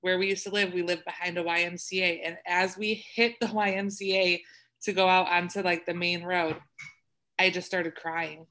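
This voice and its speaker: Bright-voiced woman chatting. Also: on the low side, flat delivery, normal speed, a little hiss or hum. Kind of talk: casual chat.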